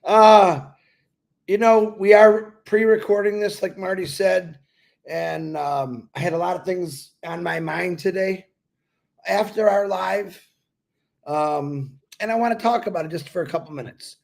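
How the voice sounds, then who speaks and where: A man's voice: high-pitched, unhurried, vocal fry, darkish tone. An older retired man with a congested voice, talking in an easygoing, reflective way on a pre-recorded show and laughing now and then. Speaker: co-host. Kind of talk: pre-recorded casual talk.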